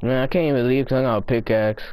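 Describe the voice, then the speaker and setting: A man giving rowdy, profane commentary while playing a game, often breaking into loud high-pitched yells. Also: fairly even intonation, fast, clean tone. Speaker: gamer recording his play. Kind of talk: casual gaming commentary.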